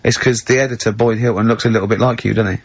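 A man's voice: lowish voice, fairly even intonation, racing, husky, no echo. A man hosting a radio show, laughing a lot and telling anecdotes in casual studio banter. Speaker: radio host. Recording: dull lo-fi radio recording.

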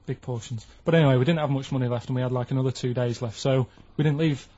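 A man, chatting casually and telling plain, flat anecdotes as a sidekick on a talk show. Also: medium pitch, fast talker, slightly rough, dull audio. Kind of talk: casual chat.

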